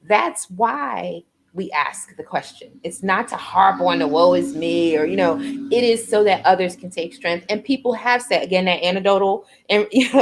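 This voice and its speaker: A woman's voice: medium pitch, normal speed. A woman hosting an interview over a video call, earnest and rambling, often tagging her points with "right?". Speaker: host.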